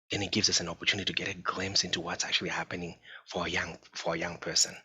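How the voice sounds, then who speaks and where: A man with a low voice that still sounds strikingly bright and forceful gives an informal parenting talk. His tone is husky, and he speaks earnestly, often repeating himself. The recording is dull and lo-fi. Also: flat delivery, rapid-fire, few pauses. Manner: earnest, repetitive, addresses listeners as folks. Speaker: psychologist giving a parenting talk. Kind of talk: informal presentation.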